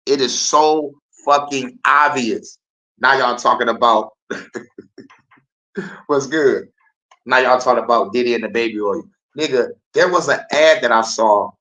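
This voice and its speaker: A man's voice: medium pitch, a little slow, pushed and bright, rough recording. A young man hosting a podcast, talking loosely and profanely over clips and laughing often. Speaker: podcast host. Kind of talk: casual commentary over played clips.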